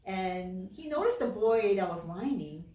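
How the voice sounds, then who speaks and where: A woman minister telling a story in a chatty, animated sermon in a church. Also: mid-range voice, a little slow. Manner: animated, chatty, with many fillers. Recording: echoey church from a distance.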